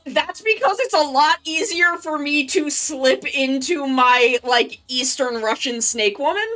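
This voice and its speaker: Woman streamer rambling away, upbeat, kinda high voice. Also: unhurried, fairly bright tone, faint music behind. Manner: rambling, filler-heavy, upbeat. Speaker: streamer host. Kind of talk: casual chat on a live stream.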